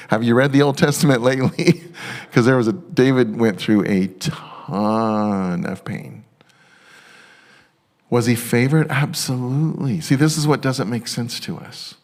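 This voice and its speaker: A male pastor preaching a sermon, excitable and halting with many restarts, turning tender and emotional at times. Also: mid-range voice.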